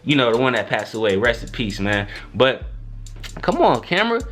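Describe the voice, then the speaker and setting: A young man vlogging a storytime in a loose, slangy way, acting out what others said with big jumps in his voice. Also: moderate pace. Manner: animated, slangy, acts out quotes with big pitch jumps. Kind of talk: storytime monologue.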